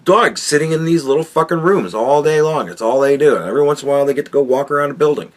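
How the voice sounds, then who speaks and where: A man's voice: on the high side, animated, fast talker. A man hosting a podcast, ranting crudely and mockingly with heavy swearing as he reacts to a clip. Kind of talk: profane ranting commentary.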